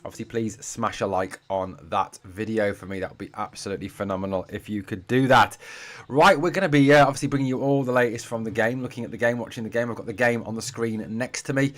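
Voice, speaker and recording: Fast and a bit bright, with a fairly low pitch, this northeast English voice belongs to a football fan channel host from Durham. He's streaming a live watch-along from a home room being packed for a move, chatting with viewers as he reads their comments and calling them "mate" and "guys."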